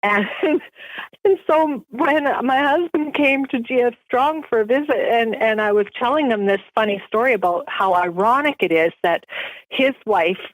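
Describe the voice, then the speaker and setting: A woman guest on an interview show telling personal stories in an animated way, laughing often. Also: a little high, normal speed, no room sound, rough recording. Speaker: guest author. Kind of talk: storytelling in a podcast interview.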